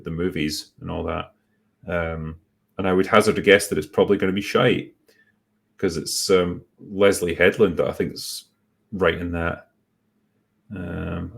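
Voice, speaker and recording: A middle-aged man talks in a low, unhurried voice. He hosts a loose chat, stopping and starting with ums. His tone stays wry and dry. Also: vocal fry, slightly rough. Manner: laid-back, halting with many ums, wry. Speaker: host. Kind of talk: casual chat reading superchats.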